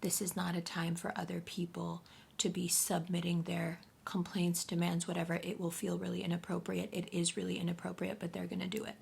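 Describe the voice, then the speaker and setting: A woman giving a casual astrology reading to camera, blunt and profane, often talking in a soft half-whisper. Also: lowish voice, monotone, a little fast, vocal fry, a little hiss or hum. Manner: blunt and profane, addressing the viewer directly. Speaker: astrology reader.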